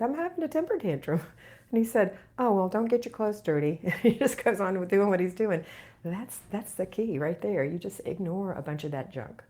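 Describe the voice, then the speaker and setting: Her voice lowish and warm, a middle-aged woman hosts a live Q&A stream for her home organizing channel, reading out what viewers write and answering with chatty encouragement.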